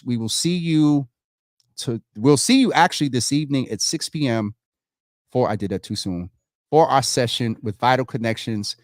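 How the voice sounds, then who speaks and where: A man's voice: medium pitch, no room sound. A man hosting a casual livestream news show from his home studio, talking loosely and straight to his viewers. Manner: chatty, addresses viewers directly, loose and informal. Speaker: show host.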